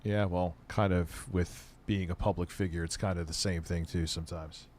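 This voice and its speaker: A man's voice: low voice, fairly even intonation, moderate pace, a little mellow, a little hiss or hum. A man hosting his own channel, telling a casual, profane, sardonic story about an old job. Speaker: streamer and channel host.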